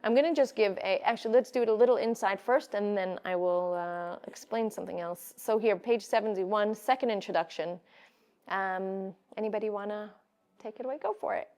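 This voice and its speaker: A woman's voice: medium pitch, brisk, darkish tone. A woman giving an informal Torah class, talking conversationally with frequent restarts and Hebrew terms mixed in. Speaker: Torah teacher.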